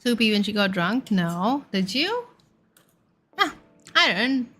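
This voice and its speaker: Bright-voiced playful woman streamer. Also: a little high, sing-song, takes it slowly, husky. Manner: playful, chatty, often stumbling over tongue-twisters. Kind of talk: casual stream chat, reading chat.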